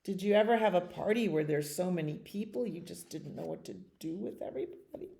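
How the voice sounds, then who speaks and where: A woman librarian reading a bedtime story aloud to children, gentle and expressive, with chatty asides. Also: on the low side, fairly quick, vocal fry.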